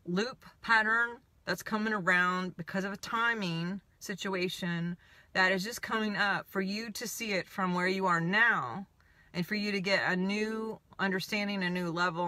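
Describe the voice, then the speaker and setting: This woman, a spiritual coach, has a fairly low voice recorded with no room sound. She rambles through an animated personal anecdote, constantly breaking in with "I'm like."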